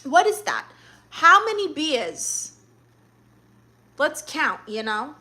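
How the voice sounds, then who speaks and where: This livestream host speaks slowly in a high, bright, forceful voice with big swings in pitch. She reads comments from viewers aloud and responds with sass, repeatedly calling them honey.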